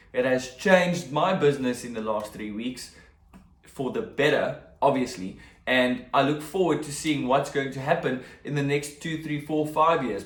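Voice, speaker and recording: A man's voice: mid-range voice, fairly bright tone. A man who works as a real estate agent, explaining his sales method in a chatty, emphatic way with joking asides. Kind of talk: casual explainer to camera. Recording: echoey room, mic at a distance.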